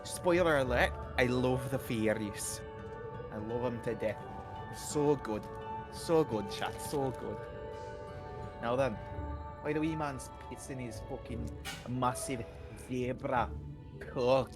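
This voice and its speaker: Guy doing a loud crude scottish mum bit, rambly and vulgar, music behind. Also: mid-range voice, slow pace, long pauses, natural voice. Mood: cheeky. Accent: put-on Scottish. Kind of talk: casual stream banter.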